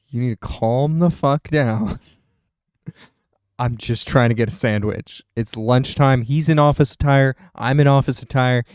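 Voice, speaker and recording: A man's voice: mid-range voice, a little mellow, clear, resonant tone, no echo, studio quality. A young man streaming, rambling through a story with laughs and swearing. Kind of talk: casual chat, storytelling.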